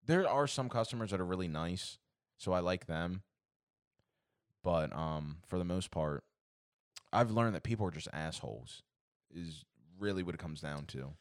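A young man with a deep, low voice rants through a casual podcast chat, exasperated and swearing freely. The sound is dry and close, with no room around it. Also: lively intonation, moderate pace, no echo. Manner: profane, exasperated ranting. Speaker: podcast co-host.

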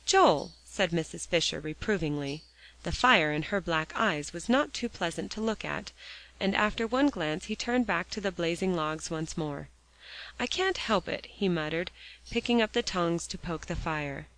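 A woman reading a children's novel aloud in steady storybook narration. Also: on the low side, normal speed, low-quality recording. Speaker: audiobook reader.

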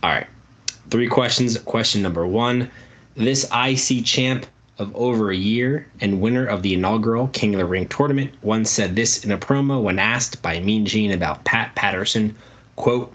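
Low-voiced man reading trivia questions. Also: normal speed, fairly bright tone. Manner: reads trivia questions and quoted promos, laughs easily. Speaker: podcast co-host running trivia. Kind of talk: casual chat.

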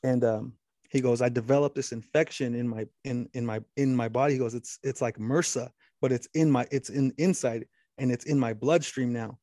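Speaking at a normal speed with a steady, mellow tone, a man rambles through a lengthy story in casual chat. Profanity and restarts are frequent, and he quotes the other man at length in a low voice. The sound is clean studio audio with no echo.

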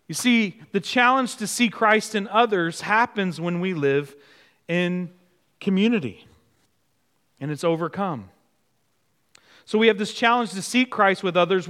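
High-voiced man preaching in a reverberant hall. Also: a bit bright. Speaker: pastor. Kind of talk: sermon.

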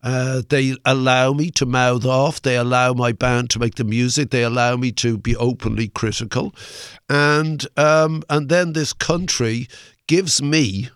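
A man's voice: medium pitch, no room sound, studio quality. An older Irish man, a musician guest, telling a long anecdote in a rambling way, full of fillers and the odd swear word. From Ireland. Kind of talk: anecdotal interview storytelling.

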